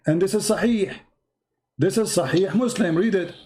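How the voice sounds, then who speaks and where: A man leads a heated call-in debate, pressing his caller again and again. His voice sits a little high but sounds dark and mellow. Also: moderate pace. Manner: insistent, challenging, repeats phrases.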